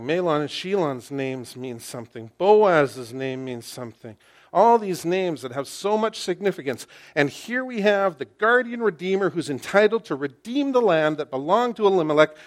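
Guy preaching to his church, animated storyteller, keeps asking the room questions, dry jokes in between. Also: a little high. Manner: lively storytelling preacher with rhetorical questions and wry humor. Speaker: pastor. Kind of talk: sermon. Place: church, speaking to a congregation with slides.

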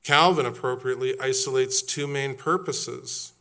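A man's voice: mid-range voice, steady tone, moderate pace, a bit bright. A middle-aged man preaching a sermon as pastor, telling stories casually and building to emphatic repeated questions. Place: church.

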